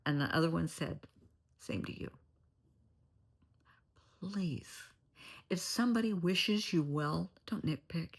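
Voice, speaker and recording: An older woman, a therapist, talking in a casual vlog from her lakeside home in a blunt, opinionated way, with a gravelly voice. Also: on the low side, measured pace. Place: lakeside home, indoors, early morning.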